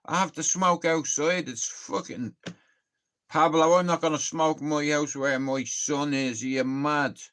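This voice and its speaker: This young man from Ireland talks unhurriedly on his live stream, his voice on the high side, steady, and a bit bright. He spins rambling, profane stories and cracks himself up telling them.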